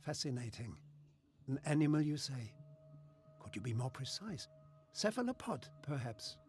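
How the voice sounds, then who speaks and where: A man's voice: medium pitch, big pitch swings, moderate pace, darkish tone, faint music behind, natural voice. An actor playing a smug, scheming male doctor with a German accent, speaking in a patronizing, condescending way in video game dialogue.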